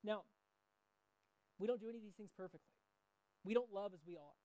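A man's voice: sits high, a little fast, mellow, no echo, low-quality recording. A middle-aged man preaching a sermon in a conversational way, mixing scripture with personal stories. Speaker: pastor.

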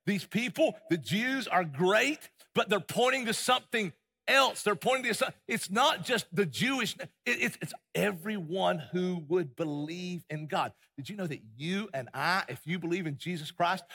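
Male pastor, husky, slightly high voice, impassioned sermon delivery with many restarts, long hall reverb. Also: fairly bright tone. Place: church sanctuary.

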